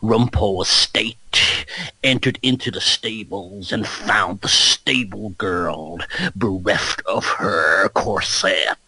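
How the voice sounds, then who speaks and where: A man doing a blustering, paranoid conspiracy radio host who drags every word out slow and deep. His voice sits well below the performer's own, gravelly and theatrical, with a drowsy heaviness. The sound is close and dry. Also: pushed and bright, no room sound, exaggerated voice, rough recording. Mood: sultry.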